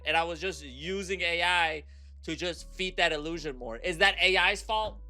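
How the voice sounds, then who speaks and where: A man's voice: on the high side, moderate pace, pushed and bright, faint music behind. A young man reacting to a video, ranting incredulously, swearing and repeating himself. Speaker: reaction streamer. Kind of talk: profane ranting reaction commentary.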